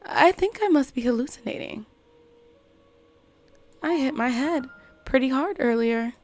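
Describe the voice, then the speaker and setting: A woman's voice: high-pitched, animated, unhurried, a little mellow, faint music behind. A woman voicing polite, bewildered Alice. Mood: confused. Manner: polite, prim, apologetic.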